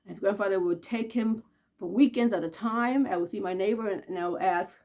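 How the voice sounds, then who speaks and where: Woman, casual storytelling, conversational, mid pitch, high-voiced quotes, hushed when sad. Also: fairly quick. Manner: drops soft and quiet at sad moments. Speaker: vlogger.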